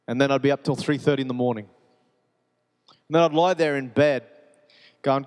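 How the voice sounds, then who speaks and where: A man preaching a sermon, earnest and repetitive, moving between soft and urgent passages. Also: medium pitch, a little fast, long pauses. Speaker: pastor. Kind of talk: sermon with personal testimony. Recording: long reverb of a large hall.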